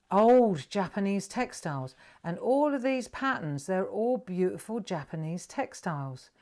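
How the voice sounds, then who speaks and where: A woman's voice: mid-range voice, darkish tone. A middle-aged woman with a British accent hosting a live drawing tutorial, chatty and coaxing her viewers along. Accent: British English. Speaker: craft presenter.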